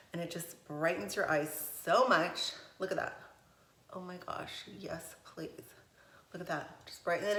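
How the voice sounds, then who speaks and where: A woman's voice: on the low side, reverberant. A woman chatting through a makeup tutorial in a gushing, enthusiastic way. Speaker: beauty vlogger. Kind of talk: casual makeup tutorial chat.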